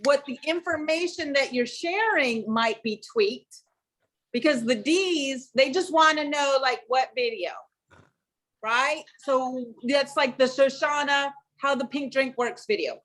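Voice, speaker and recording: A woman hosting a live stream, her voice pitched high. She sounds enthusiastic, keeps turning to her viewers with questions, and sums up the guest's points. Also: measured pace, fairly bright tone. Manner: enthusiastic, asks the audience questions. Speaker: host.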